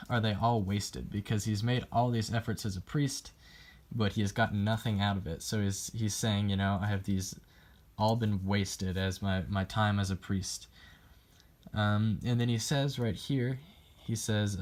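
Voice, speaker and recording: A man's voice: fairly low pitch, steady tone, unhurried, darkish tone. A young man giving a class presentation on a poem, hesitant and full of ums, reading quotes aloud as he explains them. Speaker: student presenting a poem analysis.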